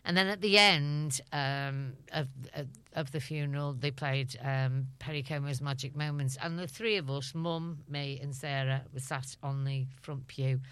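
A woman's voice: extremely low pitch, fairly even intonation, a little slow, few pauses, a bit bright, smooth, no echo. A middle-aged woman with a Liverpool Scouse accent, a guest chatting casually and laughing as she tells stories. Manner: chatty storyteller, laughing often. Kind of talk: casual interview chat.

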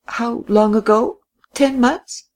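A reader voicing a lively young woman who laughs and teases, with a high mocking way of talking. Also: normal speed. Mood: prying.

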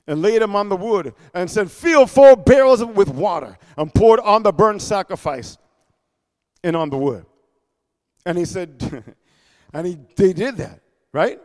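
Male preacher, very high resonant voice; chants scripture, then shouts and teases. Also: lively intonation, a little slow, pauses often, long reverb tail. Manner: sing-song scripture reading broken by shouted mocking asides and laughs. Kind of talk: sermon.

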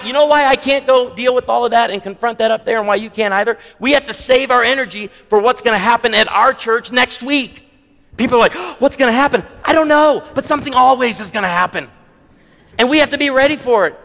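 A man preaches a sermon in a high, bright voice. He swings from hushed, slowed emphasis to loud, punchy lines like a pastor working a congregation. His voice rings out with the long reverb of a large hall. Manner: animated, shifts between hushed emphasis and loud punchy delivery.

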